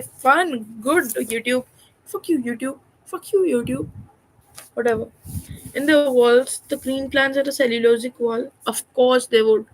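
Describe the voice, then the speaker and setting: A woman's voice: on the high side, rough recording. A young woman, reading a textbook aloud on a study livestream and breaking off for jokey, cussing asides. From India. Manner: distracted and chatty, breaks off reading for joking, swearing asides. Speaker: student livestreamer.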